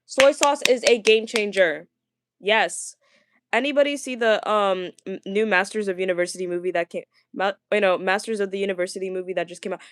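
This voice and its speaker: A chatty woman vlogger talks casually to her viewers, stuttering and tripping over words, with lots of ums and restarts. Her voice sits at an ordinary middle pitch, and the sound is dry and close with no room echo. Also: steady tone, fairly quick. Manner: stumbling, stuttering, many fillers; chatty, gushing. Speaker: vlogger reading viewer comments. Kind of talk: casual livestream chat.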